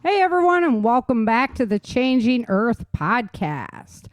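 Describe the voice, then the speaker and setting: A woman's voice: a little high, big pitch swings, unhurried, music in the background. A woman hosting a podcast in casual chat, upbeat and chatty with frequent laughs. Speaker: podcast host.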